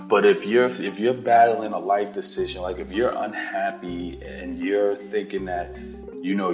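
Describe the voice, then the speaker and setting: A man hosting a podcast, talking casually and encouragingly to his listeners, calling them "guys" and saying "you know" often. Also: sits low. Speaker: podcast host. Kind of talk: casual motivational monologue.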